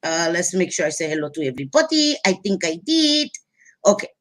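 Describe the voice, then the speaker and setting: A woman hosting a casual livestream, greeting viewers loudly and chattily with pet names like sweetie pie and baby girl. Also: on the low side, fairly quick. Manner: loud, animated voice. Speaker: livestream host.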